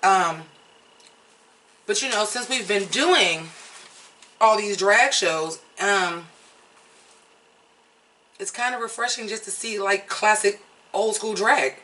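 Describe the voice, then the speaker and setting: Casual American commentator, blunt and swearing, bright tone, slightly off-mic. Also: mid-range voice, takes it slowly, long pauses, recorded from a distance, rough recording. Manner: candid, chatty, blunt, swears freely. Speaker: vlogger reviewing a reality show.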